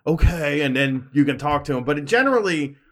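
A man's voice: on the high side, very animated, fast talker, fairly bright tone. A man in casual chat who rambles and restarts his sentences, laughing easily.

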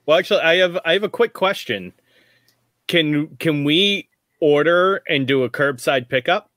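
Bright-voiced man, chatty player. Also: on the high side, moderate pace, dry recording, clean studio sound. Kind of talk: casual tabletop chat.

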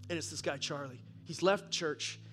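A man in his fifties, a pastor telling a lively sermon story with excited bursts and laughs. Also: on the high side, normal speed, soft background music. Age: 50s. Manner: animated, bursts of excited laughter and loud peaks. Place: church.

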